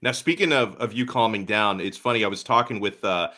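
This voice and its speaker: A man's voice: lowish voice, brisk, bright, forceful tone. A man hosting a sports talk show, interviewing a guest casually and laughing easily. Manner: laughs easily, stammers restarts.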